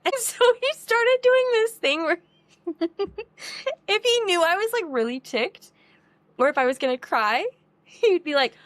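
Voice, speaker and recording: With a very high, animated voice at a moderate pace, this young woman co-hosts a podcast, retelling family stories in relaxed conversation punctuated by frequent laughter.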